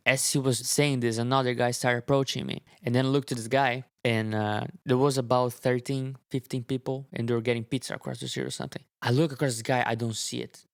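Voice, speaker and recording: Man earnestly recounting a story, flat tone. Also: medium pitch, no echo, studio quality. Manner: earnest, halting with fillers and restarts. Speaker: vlogger. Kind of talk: casual storytelling to camera.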